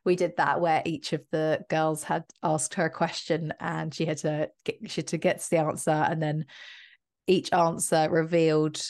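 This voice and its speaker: A woman with a hoarse, husky voice from illness, co-hosting a podcast in casual, chatty conversation. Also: deep voice, level tone, a little mellow. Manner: chatty, laughing, quick asides. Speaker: podcast co-host. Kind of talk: casual chat.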